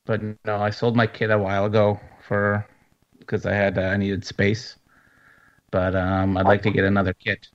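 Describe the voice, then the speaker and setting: Man, co-host, low voice, hesitant fillers, lo-fi audio. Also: completely flat delivery, normal speed. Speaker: co-host, paranormal investigator. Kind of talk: casual chat. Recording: dull lo-fi audio.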